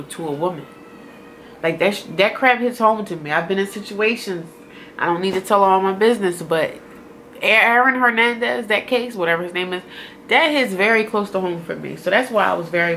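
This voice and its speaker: A woman's voice: lowish voice, fairly bright tone, a little hiss or hum. A woman vlogger, a mother, rambling and heartfelt in a casual talk to camera.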